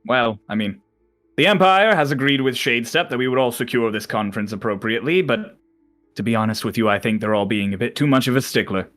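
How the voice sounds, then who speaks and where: A man's voice: medium pitch, fast talker, fairly bright tone, faint music behind, lightly acted. A man voicing a cheerful, courteous young male envoy who greets people eagerly.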